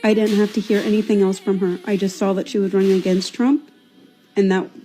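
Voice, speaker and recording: A woman's voice: medium pitch, fairly even intonation, brisk, dark tone, soft background music, poor audio. A woman speaking earnestly and emphatically in a personal video monologue, slightly tearful.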